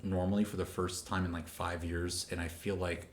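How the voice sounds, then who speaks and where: Rambling, chatty man, low voice. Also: little pitch movement, normal speed. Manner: rambling, chatty, full of "like" and "you know". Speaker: podcast guest co-host. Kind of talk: casual chat.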